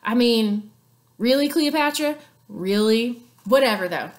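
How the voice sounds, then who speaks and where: A woman's voice: on the high side, expressive, measured pace. A woman teacher giving a playful, chatty history lesson with sarcastic asides. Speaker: sixth grade teacher.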